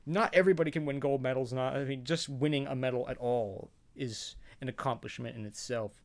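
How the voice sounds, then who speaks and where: Chuckling often, a man shares his rambling, hesitant thoughts on an episode of a cartoon in casual spoken commentary. He's a show reaction vlogger whose medium-pitched voice sounds brisk.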